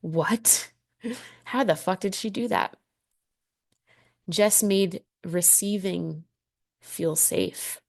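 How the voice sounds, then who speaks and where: A woman's voice: on the low side, drawn-out words, creaky, pauses often, no room sound, studio quality. A woman in her thirties hosting a personal podcast monologue, candid and heartfelt, swearing freely as she reflects. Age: 30s. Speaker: podcast host.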